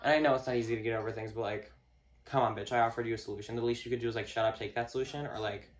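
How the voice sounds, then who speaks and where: A man vlogging a casual rant to camera, swearing often, packing his talk with fillers and mocking other people in a higher voice. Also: steady tone, rapid-fire. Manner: profane, filler-heavy, mocks others in a higher voice.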